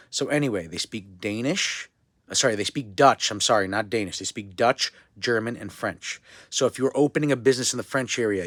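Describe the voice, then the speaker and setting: A man's voice: medium pitch, no echo, studio quality. A man from India giving a casual video lesson as an instructor. He rambles, corrects himself, and keeps checking in with "okay?" and "you know?".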